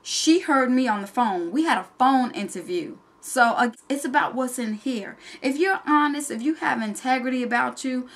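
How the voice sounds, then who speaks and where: A woman's voice: high voice, lively intonation, moderate pace, few pauses, a bit bright, a little hiss or hum. A woman with a Southern accent, giving sassy, direct motivational talk in a vlog about starting a business. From New Jersey. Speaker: home business entrepreneur.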